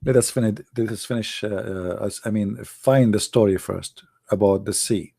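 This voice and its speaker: Gravelly, mocking man. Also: lowish voice, normal speed, warm tone, no room sound. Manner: mocking, repetitive taunting, sing-song teasing; broken English grammar, frequent throat clearing. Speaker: host of a call-in religious debate show. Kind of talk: live call-in show monologue.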